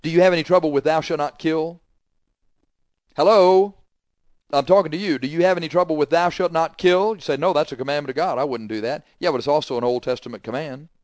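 A man's voice: on the high side, fast talker, hardly any pauses, dry recording, studio quality. Emphatic man preaching a fiery sermon. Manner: emphatic, confrontational rhetorical questions.

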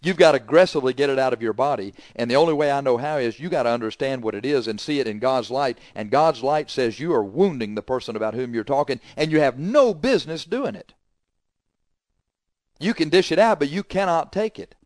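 Man, preacher, sermon, scolding and forceful, mid-pitched voice, dry close sound. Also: fairly quick, no room sound. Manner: forceful, scolding, swings from loud emphasis to quiet asides.

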